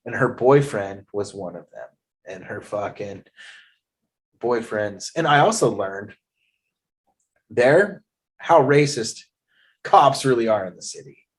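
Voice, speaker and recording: Speaking slowly with long pauses, this podcast host has a lowish voice and lively intonation. He's a man in his thirties from Eastern Oregon, conducting a casual interview where he tells blunt stories packed with swearing.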